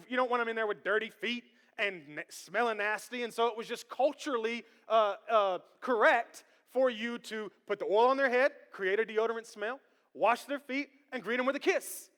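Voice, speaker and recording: A male pastor preaching with a very high, bright-pitched voice. He is animated, stumbles over repeated words, and drives his points home with emphatic questions. The sound rings with a long reverb from a large church sanctuary. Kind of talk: sermon.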